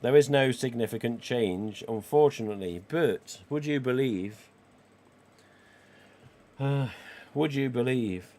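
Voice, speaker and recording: A man, croaky today, hosting a live stream and chatting cheekily with viewers. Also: mid-range voice, takes it slowly, long pauses, warm tone. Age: 40s. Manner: chatty and cheeky, with casual swearing. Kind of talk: casual livestream chat reading viewer comments.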